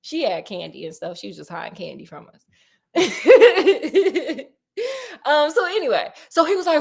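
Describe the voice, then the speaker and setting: A woman retelling a detective story in a comic, slangy, animated way, often laughing. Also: sits high, unhurried, creaky.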